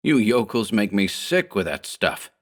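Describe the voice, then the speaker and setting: A man's voice: fairly low pitch, big pitch swings, unhurried. A man voicing a small, slick gang boss who speaks in 1930s gangster slang with a snarl and scorn. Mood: scornful.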